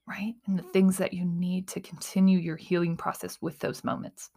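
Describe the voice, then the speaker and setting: A young adult woman hosting a solo podcast in a casual, animated way, acting out her inner voices and often asking "right?". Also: on the low side, normal speed, hardly any pauses, husky. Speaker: podcast host.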